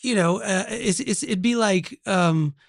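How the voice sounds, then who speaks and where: A man's voice: sits high, measured pace, gravelly, no room sound. A middle-aged man from Oklahoma with an Oklahoma accent, co-hosting a casual podcast chat with wry, joking asides.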